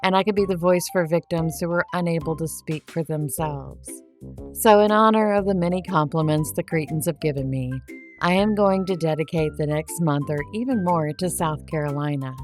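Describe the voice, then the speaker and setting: Low-voiced, defiant woman podcaster. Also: moderate pace, a little mellow, soft background music. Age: adult, married. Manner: sarcastic, defiant. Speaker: true crime podcast host. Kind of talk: monologue to camera.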